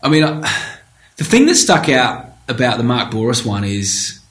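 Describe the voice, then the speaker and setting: A man's voice: mid-range voice, sing-song, normal speed, fairly bright tone. A man co-hosting a podcast, chatting casually and enthusiastically. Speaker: podcast co-host. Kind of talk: casual chat. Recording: roomy echo.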